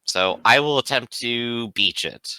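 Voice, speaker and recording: A man's voice: medium pitch, lively intonation, a little slow, bright, forceful tone, smooth, dry recording. A man playing in a tabletop game, joking around playfully. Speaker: player. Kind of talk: casual game chat.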